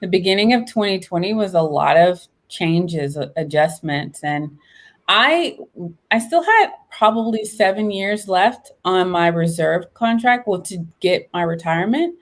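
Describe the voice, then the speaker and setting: A woman in her late thirties, a guest in an interview, talking in an animated, expressive and upbeat way. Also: on the low side, measured pace. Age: 30s. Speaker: guest, veteran and entrepreneur. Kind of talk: casual interview chat.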